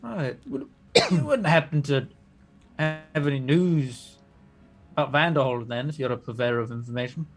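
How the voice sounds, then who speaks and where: A man's voice: mid-range voice, normal speed, soft background music. A man playing a tabletop game, stammering and hesitant as he speaks in character. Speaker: player. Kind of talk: tabletop role-play.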